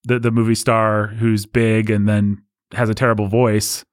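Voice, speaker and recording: A man with a low voice talks through film history in a relaxed, rambling way. He restarts his sentences often. The sound is dry and close. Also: a little slow, no echo. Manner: talkative, explanatory, many restarts. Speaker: podcast host. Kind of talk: casual film discussion.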